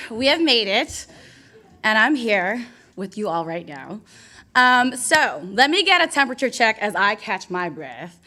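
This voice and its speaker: A young woman MCs a live award show in front of an audience, working the crowd in a bubbly, playful, hyped way and addressing them directly. Her voice is on the high side, very animated and sharp in tone, at a moderate pace.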